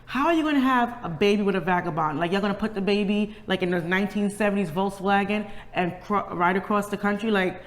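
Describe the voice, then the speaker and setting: A woman's voice: mid-range voice, quick pace, hardly any pauses, in a large hall. A woman co-hosting a reality TV review, chatting casually and acting out what the cast said. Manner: chatty storyteller, acts out the cast's lines. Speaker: co-host of a reality TV review channel.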